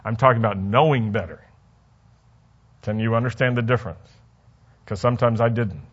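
Husky conversational male preacher. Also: mid-range voice, brisk, highs cut off. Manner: conversational preaching, asks the congregation questions. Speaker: pastor. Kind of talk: sermon.

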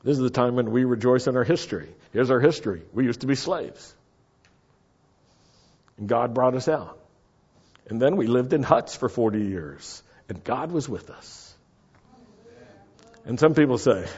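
A man preaching a sermon, moving between quiet reflective lines and sudden loud exclamations. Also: medium pitch, lively intonation, measured pace, pauses often, breathy edge, dull audio. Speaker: pastor.

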